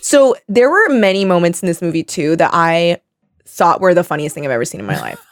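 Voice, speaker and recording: A woman hosting a casual podcast chat, her pitch swinging widely as she talks. She laughs often and acts out what people said. The sound is dry and close, with no room echo. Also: brisk. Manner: animated, laughs often, quotes others in a lively voice. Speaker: podcast host.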